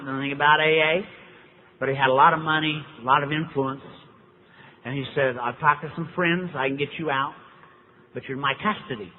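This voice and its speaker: A man's voice: fairly high pitch, slight background noise. Older guy telling his story at a meeting, wry and folksy, tinny echoey hall tape. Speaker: recovery meeting speaker. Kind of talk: storytelling talk.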